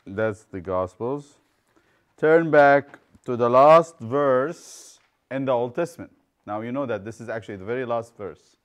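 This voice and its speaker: A man's voice: mid-range voice, a little slow. A man teaching a children's Bible study, quizzing the class and retelling stories with acted-out voices.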